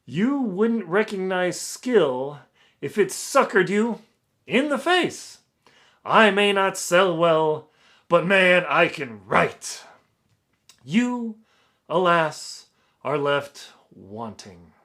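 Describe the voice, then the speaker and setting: A man's voice: sits high, big pitch swings, extremely slow, fairly bright tone, pitched above the performer's own voice, heavily acted. A man reading out a nasty review in a put-on pompous English accent, playing a snobbish literary critic. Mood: pompous, sneering. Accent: mock posh English. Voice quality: pompous, sneering.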